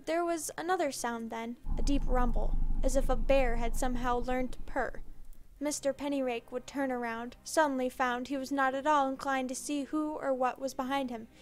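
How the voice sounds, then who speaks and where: Woman storyteller, scripted narration, measured dramatic reading, fairly high voice. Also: fairly even intonation.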